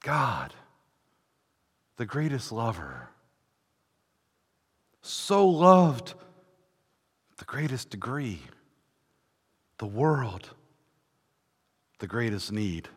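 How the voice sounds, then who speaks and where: A man preaching a sermon in a church, fervent, swelling from hushed passages to ringing declarations. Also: mid-range voice, big pitch swings, very slow, pauses often, husky. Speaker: pastor. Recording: long reverb of a large church hall.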